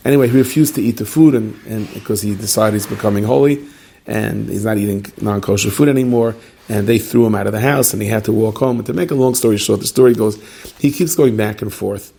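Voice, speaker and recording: A man's voice: fairly low pitch, fast talker, gravelly, warm tone, breathy edge. A man, a rabbi, telling a story in a sermon, chatty and full of joking asides, with Yiddish and Hebrew words mixed into his speech.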